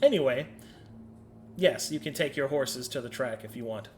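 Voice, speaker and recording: Lively laughing male game master. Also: medium pitch, moderate pace, faint music behind. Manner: laughing, excitable. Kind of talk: casual tabletop game chat.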